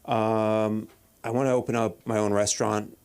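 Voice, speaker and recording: A man doing a deadpan stand-up set at an open mic, halting with many restarts and fillers. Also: on the low side. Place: comedy club stage.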